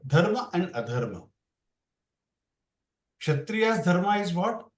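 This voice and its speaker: A man teaches a scripture class, wandering through his points and restarting sentences. His voice sits slightly high for a man. He is heard from a distance in a roomy, echoing space. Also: big pitch swings, slow pace. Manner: rambling, restarts, mixes English with Hindi. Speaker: Bhagavad Gita class teacher. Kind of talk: explaining scripture in a casual class. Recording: roomy sound, far from the mic.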